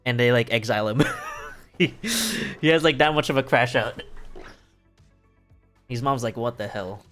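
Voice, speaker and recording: A man's voice: mid-range voice, normal speed, a bit bright. A young adult man streaming from home, retelling a story in a rambling, casual way, swearing freely and laughing as he goes. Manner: rambling, swearing, laughing asides, many fillers. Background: faint music.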